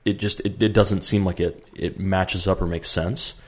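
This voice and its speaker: A man's voice: low-pitched, fairly even intonation, moderate pace, husky. A man co-hosting a podcast, talking casually and rambling, with many fillers and restarts. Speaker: podcast co-host. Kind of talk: casual chat.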